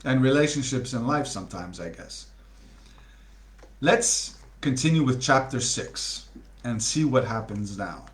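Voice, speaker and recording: Male storybook reader, slow and lively, bright tone, chatty asides, echoey room. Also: medium pitch. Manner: chatty, laughing asides to listeners. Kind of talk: read-aloud storytelling with asides.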